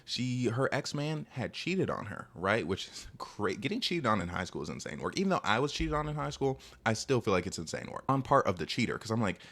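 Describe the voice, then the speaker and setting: Young man, twenties, casual storytime, rambling, quick delivery, lively lowish voice. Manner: animated, rambling, heavy use of "like". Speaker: storytime vlogger.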